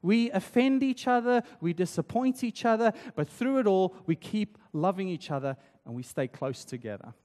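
A man's voice: high voice, lively intonation, normal speed, few pauses, a little mellow. A man from South Africa preaching a sermon as pastor, in a chatty style that keeps asking "right?". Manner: conversational, tag questions like "right?". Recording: long hall reverb.

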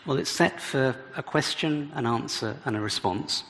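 Gravelly man preaching in a reverberant hall. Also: medium pitch, normal speed, fairly bright tone. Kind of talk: expository sermon. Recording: reverberant hall with faint background noise.

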